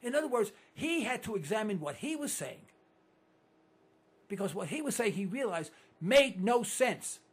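New talk radio guy going hoarse, husky, ranting, voice jumps all over and goes up high. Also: normal speed. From New York. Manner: animated ranting, mocking voices, sudden loud outbursts. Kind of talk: ranting call-in radio monologue.

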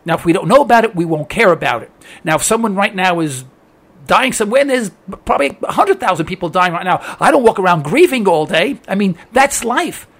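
A man's voice: sits high, expressive, brisk, creaky, a bit bright. A man hosting a political talk radio show, speaking with impassioned emphasis and often restarting his phrases as he presses a point.

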